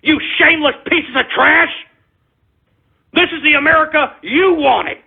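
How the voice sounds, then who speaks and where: A man hosting a political talk radio show, ranting with passion and profanity and often shouting at his listeners. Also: very high voice, unhurried, creaky. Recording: narrow phone-like lo-fi audio.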